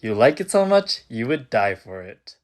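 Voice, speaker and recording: A man's voice: medium pitch, sing-song, normal speed. A young man giving a comedic short-form language lesson, jokey and playful, full of puns, recorded on a phone. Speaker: language teacher on short videos.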